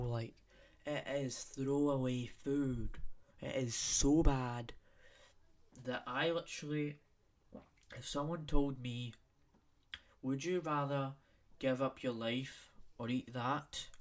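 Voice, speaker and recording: A Scottish man holds forth on his own podcast, ranting and swearing freely and checking in with a constant "right?". His delivery is slow and drawn out, sitting in a middle pitch. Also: darkish tone. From Scotland. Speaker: podcast host. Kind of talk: solo rambling podcast.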